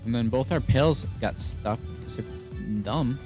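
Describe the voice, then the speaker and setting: Over music, a male gaming YouTuber talks at a measured pace in a medium-pitched voice. His let's-play commentary is casual and full of swearing and venting, and he talks himself through the game out of frustration.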